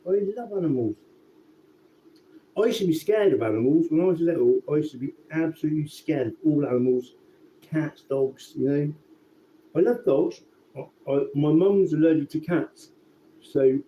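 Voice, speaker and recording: A man telling a rambling, sweary story in a casual, relaxed way. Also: fairly high pitch. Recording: tinny phone-like sound with faint background noise.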